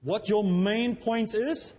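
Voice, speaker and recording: Animated male lecturer, slightly raised pitch, faint noise behind. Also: takes it slowly. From South Africa. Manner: lively, acts out quoted speakers, chuckles at himself. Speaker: Islamic speaker teaching public speaking. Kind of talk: lecture to students.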